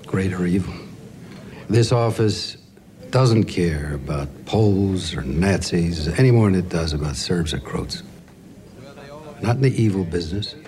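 An actor playing a blunt, gruff older district attorney in a TV drama, speaking tersely. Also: male voice, sits low, animated, unhurried, pauses often, mellow. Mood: stern. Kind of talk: TV drama acting.

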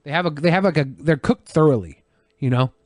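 A man's voice: fairly high pitch, a little fast, a little mellow, dry recording. Rambling, crude-joking podcast man. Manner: rambling storyteller, crude jokes. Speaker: podcast co-host. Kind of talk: casual chat. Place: podcast studio.

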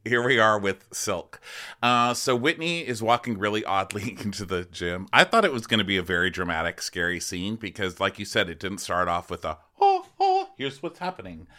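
A podcast co-host in a casual comedic recap, animated, rambling and playful. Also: deep voice, a little fast.

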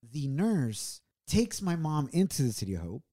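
A man's voice: big pitch swings, moderate pace. A man telling a personal story on a couple's podcast, earnest and reflective, his voice rising and dropping with feeling. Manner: earnest, reflective, swings from low and quiet to raised. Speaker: podcast co-host.

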